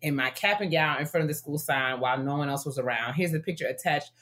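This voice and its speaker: A woman's voice: low-pitched, fast. A woman co-hosting a casual podcast, reading listener letters and cheering them on. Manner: warm affirming interjections, playful put-on voices. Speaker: podcast co-host.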